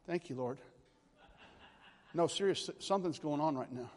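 A man's voice: a little high, normal speed. A man preaching a charismatic sermon, telling stories animatedly and checking in with the congregation. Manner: animated, rambling storyteller addressing congregation. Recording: long hall reverb.

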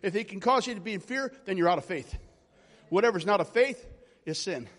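A man's voice: sits high, expressive, brisk, fairly bright tone, big-room sound. A middle-aged man preaching a sermon, telling his story with passion and acting out conversations with God.

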